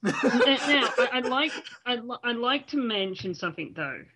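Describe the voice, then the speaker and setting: A woman's voice: a little high, expressive, moderate pace, pushed and bright. Casting: woman host, casual online chat show, talks in loose bursts with restarts. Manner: chatty, restarts often. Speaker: podcast host. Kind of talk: casual group chat on a call. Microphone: home mic on a voice call.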